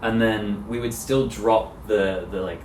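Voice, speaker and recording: Brief: Australian man with a lowish voice, calm and explanatory, recorded in a noisy, echoey room. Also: a little slow. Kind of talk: casual group chat. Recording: roomy, distant mic, noisy.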